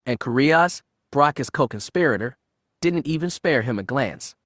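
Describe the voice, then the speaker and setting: A man reads a space-adventure novel aloud in a measured, even narration. His voice sits in a middle register, and the recording is dry and close with no room sound. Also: medium pitch, no echo. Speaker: audiobook narrator. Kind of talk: audiobook narration of fan fiction.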